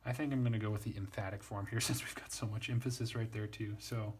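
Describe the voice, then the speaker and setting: Husky man teaching Latin casually. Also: fairly low pitch, fairly even intonation, quick pace. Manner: wry, self-deprecating, works through ideas aloud. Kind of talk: casual spoken lesson, thinking aloud.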